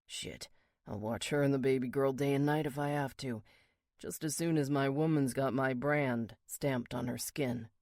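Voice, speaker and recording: A man voicing a gruff, crude biker. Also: fairly even intonation, normal speed, a little mellow, no room sound, studio quality, lightly acted. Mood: defiant. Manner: crude, swearing, low growl. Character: rough male biker, blunt and defiant. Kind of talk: audiobook character reading.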